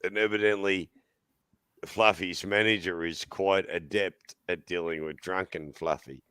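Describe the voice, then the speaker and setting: An Australian man telling a funny story in casual chat, laughing often and jumping into high voices for the people he quotes. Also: fairly even intonation, unhurried, pushed and bright, clear, resonant tone, no echo.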